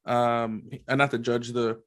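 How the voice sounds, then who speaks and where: A man's voice: mid-range voice, a little slow. Loose-talking male podcast co-host. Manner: loose, filler-heavy, animated storytelling. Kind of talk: casual chat.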